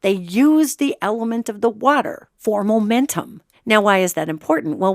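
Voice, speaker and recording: A woman's voice: medium pitch, animated, normal speed, few pauses, dry recording, clean studio sound. A middle-aged woman hosting a solo spiritual commentary podcast, talking to listeners in an impassioned, conversational way. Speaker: host.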